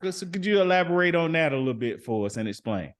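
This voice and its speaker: A man from the Southern US hosting an interview, asking questions in a relaxed, joking way with loose phrasing. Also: on the high side, quick pace. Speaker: host.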